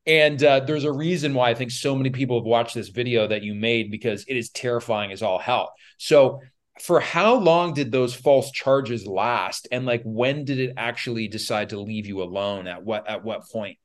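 A man hosting a casual interview, excitable, swearing freely and saying "dude.". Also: medium pitch, moderate pace. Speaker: podcast host.

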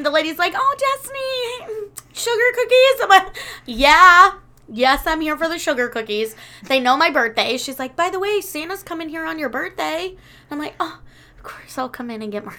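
A woman's voice: sits high, expressive, brisk, pushed and bright. A woman in her thirties chatting casually as a podcast co-host, a rambling storyteller who swears a lot. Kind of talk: casual chat.

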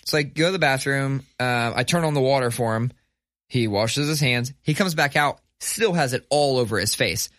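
Middle-aged man, podcast co-host, animated and profane storyteller, dry close sound. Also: mid-range voice, normal speed, no room sound. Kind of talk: casual storytelling chat.

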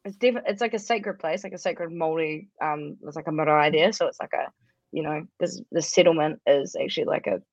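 A woman's voice: low voice, fairly quick, no room sound, lo-fi sound. A woman with a New Zealand accent, a musician guest chatting casually and rambling with lots of fillers. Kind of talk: casual interview chat.

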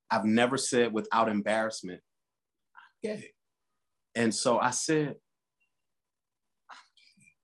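A man's voice: fairly low pitch, a bit bright, slightly rough. A man, a pastor and interview guest, telling a personal story candidly and earnestly, acting out the quotes.

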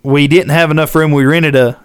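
Man spinning a lively yarn. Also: on the high side, moderate pace, smooth, no room sound, clean studio sound. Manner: animated, drawling storyteller who acts out quotes and laughs. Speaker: podcast co-host. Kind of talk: casual storytelling chat.

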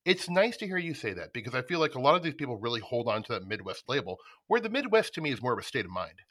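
A man hosting a casual podcast chat in a bright, forceful voice. He swings his pitch around a lot and laughs easily. He is from Nebraska. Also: quick pace. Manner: animated, laughs often, enthusiastic. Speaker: podcast host.

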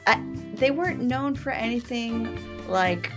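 A woman in her late thirties, a podcast guest telling stories in casual chat, animated and laughing often. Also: a little high, a little slow, music in the background.

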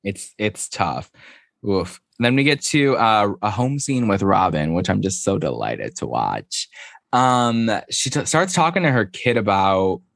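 Animated, emphatic man co-host. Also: on the low side, unhurried, gravelly, no room sound, clean studio sound. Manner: animated, emphatic, swears freely. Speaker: podcast co-host. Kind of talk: casual reality-TV recap chat.

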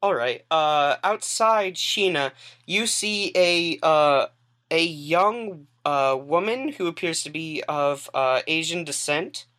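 A woman's voice: sits low, animated, slow pace, fairly bright tone. A woman narrating a tabletop game as game master, hesitant with many fillers.

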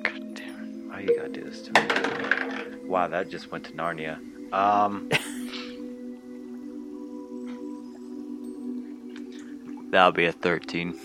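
A man's voice: deep voice, steady tone, drawn-out words, long pauses, loud music behind the voice. A man taking part as a player in a tabletop game, chatting in an offhand, joking way. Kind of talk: casual game chat.

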